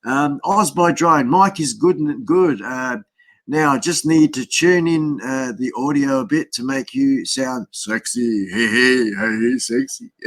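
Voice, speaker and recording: A man's voice: mid-range voice, animated, takes it slowly. An Australian man hosting a casual live stream, chatting in a rambling way and greeting viewers by name, speaking into a built-in webcam mic.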